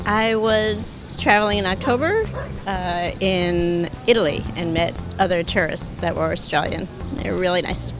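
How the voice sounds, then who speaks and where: A woman's voice: lowish voice, normal speed. A woman answering a street interview, earnest and friendly. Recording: music under street interview.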